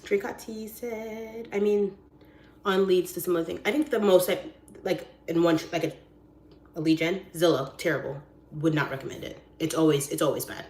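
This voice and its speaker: A woman's voice: fairly low pitch, fairly even intonation, moderate pace, darkish tone. A woman realtor chatting casually on a live stream, goofy and rambling in a silly, friendly way. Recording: roomy echoey sound.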